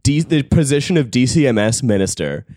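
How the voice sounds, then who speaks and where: A man hosting a podcast, riffing with wry, fast jokes in casual chat. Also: medium pitch, animated, mellow, slight background noise. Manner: wry, fast, joking riffs. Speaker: podcast host.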